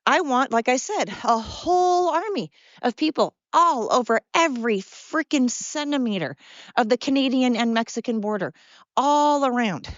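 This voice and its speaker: A woman's voice: fairly high pitch, dry recording, dull audio. Breathless woman ranting while walking outdoors. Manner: blunt, profane, sarcastic. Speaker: podcast host. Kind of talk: casual ranting monologue. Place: outdoors, cold weather.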